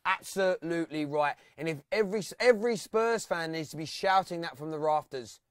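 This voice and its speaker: Brief: male phone-in host, lively and chatty, higher voice, dry mic. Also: brisk, dry recording. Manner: excitable, reads out fan comments and stats. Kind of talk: live fan phone-in chat.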